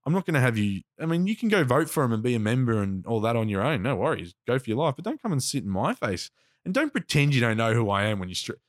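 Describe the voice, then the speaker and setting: A man's voice: mid-range voice, sing-song, quick pace, no room sound, studio quality. A man with an Australian accent telling a story in casual chat, blunt and rambling, swearing often.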